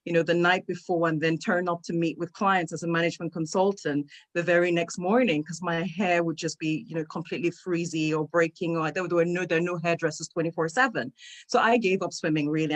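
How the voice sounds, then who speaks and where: A woman's voice: fairly low pitch, brisk. A middle-aged woman, a guest speaker on an online talk, earnestly telling a personal story and repeating words when it gets emotional. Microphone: video call microphone.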